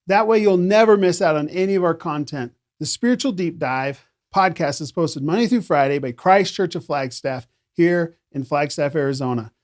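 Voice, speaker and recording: A man's voice: fairly high pitch, normal speed, few pauses, a little mellow. A man hosting a devotional podcast, reading an upbeat, welcoming scripted intro. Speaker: podcast host.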